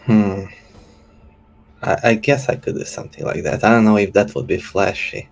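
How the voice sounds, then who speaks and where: A man's voice: lowish voice, normal speed, gravelly, pauses often, faint music behind. A man playing a tabletop game, hesitant and unsure, thinking aloud. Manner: hesitant, unsure, laughs nervously. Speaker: player. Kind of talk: casual tabletop game play.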